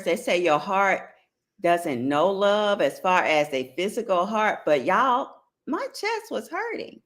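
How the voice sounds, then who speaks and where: A middle-aged woman with an African American Vernacular English accent, hosting a casual advice talk, blunt and profane, checking in with her listeners. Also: medium pitch. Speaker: host giving relationship advice.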